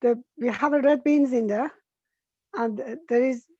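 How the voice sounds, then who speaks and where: A woman taking part in a workshop who answers in a halting way with restarts, heard on dull, distant audio. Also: a little high, a little mellow, no echo. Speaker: workshop participant.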